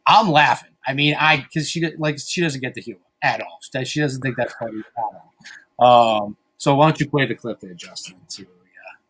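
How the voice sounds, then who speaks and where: A man's voice: mid-range voice, a little fast, fairly bright tone, breathy edge. A man hosting a podcast in casual banter, rambling and profane, often mocking himself. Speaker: podcast host.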